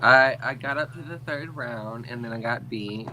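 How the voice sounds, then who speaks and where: Man, livestream guest, bright tense voice, soft-spoken, brief replies. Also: mid-range voice, normal speed, a little hiss or hum, low-quality recording. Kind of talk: casual livestream chat.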